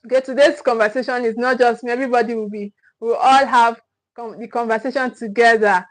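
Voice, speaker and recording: Nigerian woman, parenting coach on a live stream, fairly high voice, repetitive and emphatic delivery. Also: fairly even intonation, fairly quick, rough recording. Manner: repetitive, emphatic, thanks viewers often. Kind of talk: live-stream teaching talk.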